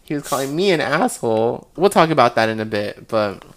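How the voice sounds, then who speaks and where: A young man chatting with friends, excitable, laughing and swearing as he tells stories. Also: medium pitch, a little fast, rough recording. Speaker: friend in group chat. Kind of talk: casual chat.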